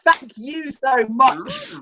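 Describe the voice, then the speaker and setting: A woman hosting an online comedy show over a video call, bubbly and quick to laugh. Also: high voice, sing-song, creaky, background noise. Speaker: host.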